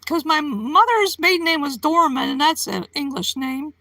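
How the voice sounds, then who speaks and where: Giggly high-voiced woman streamer. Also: expressive, moderate pace, pushed and bright, no echo. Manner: rambling, giggly, laughs often between remarks. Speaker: live streamer. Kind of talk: casual live-stream chat with viewers.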